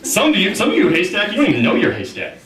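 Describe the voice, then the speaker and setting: A man in his thirties doing loose, rambling stand-up, his high voice leaping up and down as he banters with the room. He is picked up from a distance in a roomy, echoing space. A lively audience is heard all around him. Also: racing. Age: 30s. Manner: loud, joking, rambling with crowd banter. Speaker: host and stand-up comedian. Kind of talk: stand-up comedy at a house party. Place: large room in a house, with a live audience. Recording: roomy, distant mic, loud crowd.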